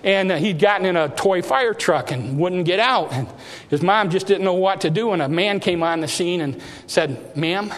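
A man preaches in a church, his voice sitting high for a man. His exhortations rise and press hard, and a long hall reverb trails after every phrase. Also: normal speed, fairly bright tone. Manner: emphatic preaching with rising exhortations. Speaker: pastor. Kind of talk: sermon. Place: church sanctuary.

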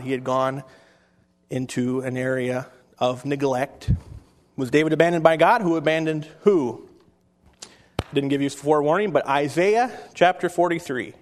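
A man's voice: mid-range voice, long reverb tail. A man preaching a sermon to his congregation in an easy, conversational way, reading Bible passages aloud between remarks. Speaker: pastor.

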